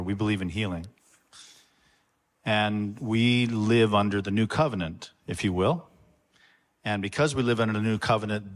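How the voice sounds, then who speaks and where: A man interviewing a guest for his church, speaking in a steady, plain way. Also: fairly low pitch.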